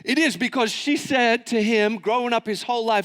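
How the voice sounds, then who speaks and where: A man preaching at a marriage conference, telling a story and acting out the people in it with lively voices. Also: very high voice, moderate pace, big-room sound. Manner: animated, acting out quoted voices. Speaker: pastor. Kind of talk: sermon storytelling. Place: church hall.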